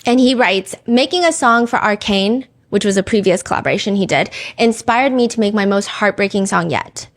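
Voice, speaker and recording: Woman host, conversational true-crime storyteller, filler-heavy, mid-pitched. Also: expressive, normal speed. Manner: chatty, frequent "like" and "you know" fillers. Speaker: podcast host.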